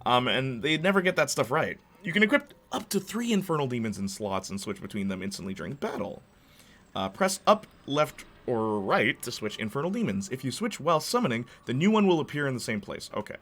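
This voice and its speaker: A man's voice: mid-range voice, very animated, a little fast, a bit bright. A man giving casual let's-play commentary, rambling and enthusiastic with many fillers. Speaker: gameplay commentator.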